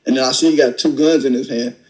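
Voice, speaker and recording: A man's voice: mid-range voice, quick pace, low-quality recording. Young man telling a story, casual. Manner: animated, acts out dialogue with profanity. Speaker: storyteller recounting a robbery. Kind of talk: casual retelling.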